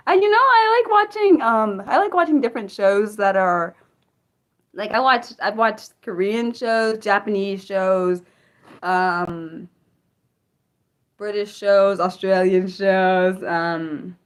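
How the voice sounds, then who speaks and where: A woman with a mid-range voice hosts an unscripted livestream, answering her chat casually and rambling, with many fillers and restarts.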